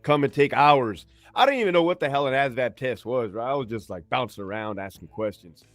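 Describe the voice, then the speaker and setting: Casting: man, 40s, from California, mid-pitched, laid-back and salty, swears freely, dry close sound. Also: lively intonation, quick pace, no echo, soft background music. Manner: laid-back, slangy, profane. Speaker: guest, army veteran. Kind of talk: casual storytelling interview.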